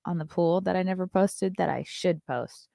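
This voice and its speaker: A thirtysomething woman hosts a casual live-stream chat, reading out viewer messages between brash, sarcastic stories. Her lowish voice is creaky and dark-toned at a moderate pace, recorded dry with clean studio sound.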